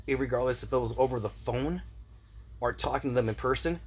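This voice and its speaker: A man's voice: medium pitch, fairly even intonation, fairly quick, breathy edge. Agitated, profane man ranting. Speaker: vlogger. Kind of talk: rambling conspiracy rant.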